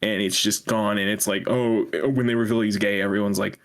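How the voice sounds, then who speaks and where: A young man co-hosting a casual podcast chat, ranting with animation and dropping into mocking high-pitched impressions. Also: flat delivery, brisk. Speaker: podcast co-host.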